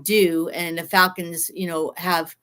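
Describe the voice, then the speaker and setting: A woman's voice: on the low side, flat delivery, measured pace, fairly bright tone, clean tone. A woman co-hosting a casual sports podcast, earnest and opinionated, often restarting her sentences as she thinks.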